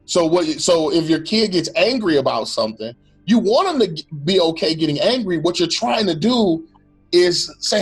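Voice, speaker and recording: A man's voice: high-pitched, very animated, moderate pace, slightly rough, faint music behind. A man co-hosting a casual faith-based talk, earnest and reflective, often acting out what someone might say. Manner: earnest and reflective, quotes imagined speech, restarts often. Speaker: podcast co-host.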